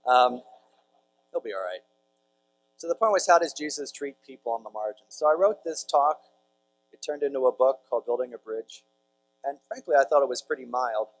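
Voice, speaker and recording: A man's voice: medium pitch, a little fast, low-quality recording. A man, a priest speaking to a large audience in a conversational storytelling talk with jokey asides to the crowd. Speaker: priest giving a conference talk.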